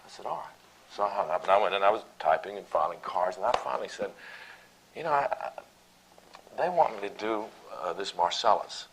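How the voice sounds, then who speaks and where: A man's voice: low-pitched, fairly quick, gravelly, noisy background. A man with a mild Southern American accent, telling a rambling, self-deprecating story on a stage panel and laughing often. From Tennessee, USA. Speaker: actor on a panel. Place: stage panel before an audience.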